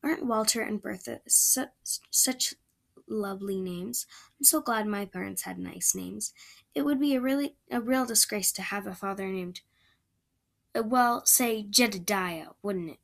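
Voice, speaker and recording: A woman's voice: medium pitch, unhurried, gravelly, fairly bright tone. A woman voicing a chatty, dreamy eleven-year-old red-haired girl who gushes in romantic chatter. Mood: gushing, dreamy. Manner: breathless, gushing, romantic chatter.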